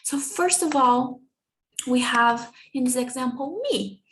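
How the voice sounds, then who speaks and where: Slow-paced Brazilian woman teaching English. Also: sits high, vocal fry, a bit bright. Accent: Brazilian Portuguese. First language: Portuguese. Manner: slow, drawn-out repetition of words for students. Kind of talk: bilingual vocabulary lesson.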